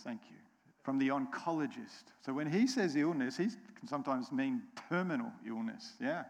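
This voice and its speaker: A man with an American accent preaching a sermon to his congregation, slow and emphatic, repeating key phrases and putting questions to the room. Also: mid-range voice, darkish tone. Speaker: pastor. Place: church sanctuary. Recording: long church hall reverb.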